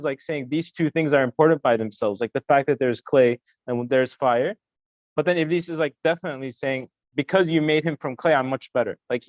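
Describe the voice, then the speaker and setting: A man's voice: on the high side, dry recording, muffled recording. A young man in a study discussion, thinking aloud in a searching way with many restarts. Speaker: student in a study session.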